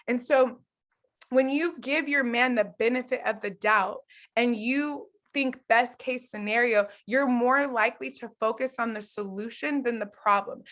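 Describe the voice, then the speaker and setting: Woman, 30s, marriage and faith coach, chatty and earnest, slightly high voice, acts out quotes. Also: fairly bright tone. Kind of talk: casual teaching talk to followers.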